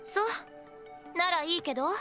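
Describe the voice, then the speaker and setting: A woman voicing a sly, pushy teenage girl in an anime, needling another girl, with loud music underneath. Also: very high-pitched, fast. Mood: teasing. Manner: needling, prodding. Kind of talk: anime dub acting.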